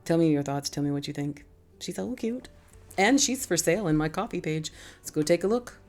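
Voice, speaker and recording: A woman's voice: low-pitched, expressive, fast talker, a little mellow, soft background music. A middle-aged woman hosting a craft tutorial, talking through her steps in a chatty, rambling, self-deprecating way. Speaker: craft channel host. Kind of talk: casual craft tutorial voice-over.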